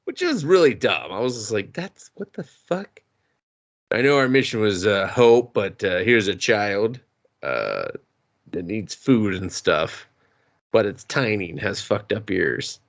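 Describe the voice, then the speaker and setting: A man co-hosting a movie podcast, talking in a casual, profane recap. His pitch sits a little low but swings widely as he acts out characters' lines in bursts. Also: unhurried, vocal fry. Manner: animated, swears freely, acts out characters' lines. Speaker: podcast co-host.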